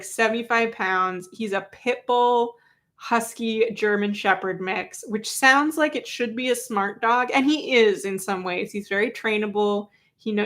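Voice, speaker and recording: A woman's voice: mid-range voice, fairly bright tone. A woman host giving a casual, wry commentary recap, chatty and full of fillers. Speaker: trial reporter and host.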